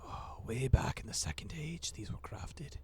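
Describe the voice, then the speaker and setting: A man voicing a gruff, grumpy male dwarf warrior, barking his words, a little higher and louder than his own voice. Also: animated, unhurried.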